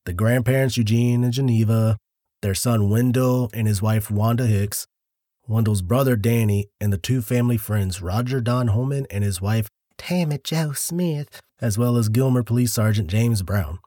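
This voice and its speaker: A man's voice: mid-range voice, moderate pace, dark tone, no echo, clean studio sound. A man co-hosting a casual true-crime podcast, telling the case steadily with wry remarks. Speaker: podcast co-host.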